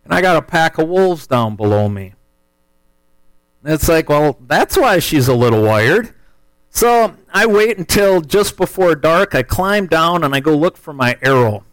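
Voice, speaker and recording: A man, telling a hunting story in a folksy, animated way as part of a sermon. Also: a little high, dry recording, rough recording. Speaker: speaker telling a testimony.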